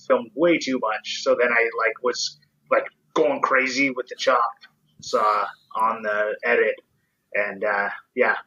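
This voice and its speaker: A man's voice: medium pitch, sharp tone, breathy edge, lo-fi sound. A man co-hosting a podcast in casual, rambling chat, filling his sentences with "like". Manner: rambling, heavy use of "like". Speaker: podcast co-host.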